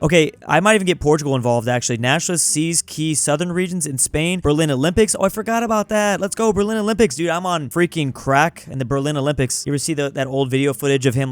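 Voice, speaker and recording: Excitable young man with a crisp voice. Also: a little high, no room sound. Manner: excitable, slangy, reads AI replies aloud in mock voices. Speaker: gaming YouTuber. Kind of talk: game commentary.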